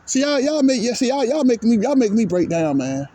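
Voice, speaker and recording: A man's voice: very high voice, big pitch swings, brisk, warm tone, rough recording. A man hosting his own basketball channel, ranting in a profane, heated way that turns emotional, repeating "man" again and again. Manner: profane, heated, repetitive, says "man" constantly; swings from angry to emotional. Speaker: basketball vlog host. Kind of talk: ranting monologue.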